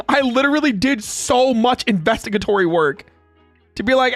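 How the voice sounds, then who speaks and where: A man's voice: extremely high pitch, unhurried, pauses often, fairly bright tone, no room sound, soft background music. A man chatting casually on a livestream, ranting with lots of swearing and frequent laughter. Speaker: streamer.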